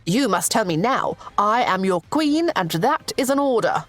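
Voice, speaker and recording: A woman's voice: mid-range voice, expressive, moderate pace, no echo, soft background music, pitched above the performer's own voice, lightly acted. A woman voicing a haughty, irritable middle-aged queen who speaks curtly and imperiously in a storybook reading. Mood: demanding. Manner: imperious, curt.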